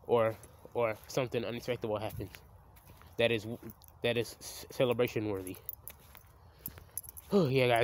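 A young man, filming a casual outdoor vlog by a creek on a handheld phone, rambling and stammering as he restarts his sentences. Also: mid-range voice. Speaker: vlogger. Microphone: handheld phone camera.

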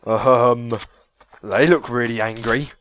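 A man's voice: medium pitch, fairly even intonation, slow, a bit bright, a little hiss or hum. A young man giving casual, sweary let's-play commentary, chatting and joking as he reacts to the game. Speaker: gaming video host.

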